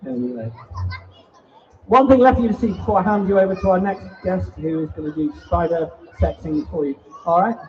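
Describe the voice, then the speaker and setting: Brisk and high-pitched with lively intonation, the same showman jokes and teases kids while presenting invertebrates to families before an event-hall audience. The sound is a distant, dull live stream carrying faint noise.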